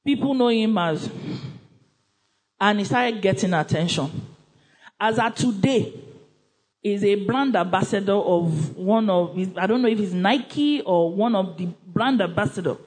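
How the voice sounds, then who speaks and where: A woman's voice: medium pitch, measured pace, a little mellow, poor audio. A woman with a Nigerian accent presenting a book review at church in a conversational, emphatic way, often repeating herself and voicing little quoted asides.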